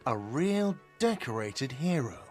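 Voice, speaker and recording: A man's voice: mid-range voice, big pitch swings, slow, darkish tone, no echo, soft background music. A man voicing a sarcastic, exasperated hostel manager in a video game.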